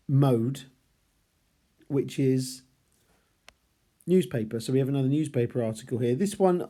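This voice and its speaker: A man's voice: medium pitch, dark tone. A man teaching literature, talking through a novel chapter by chapter, thinking aloud with hesitant restarts.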